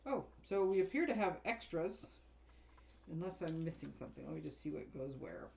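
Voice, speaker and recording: Woman, craft demonstrator, rambling casual chat, laughs often, lowish voice, dull lo-fi sound with faint hiss and clicks. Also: expressive, fairly quick, gravelly, a little mellow.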